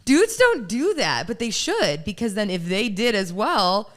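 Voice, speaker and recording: A woman co-hosting a podcast in casual chat, lively, laughing often and acting out little bits as she talks. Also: medium pitch, a little slow.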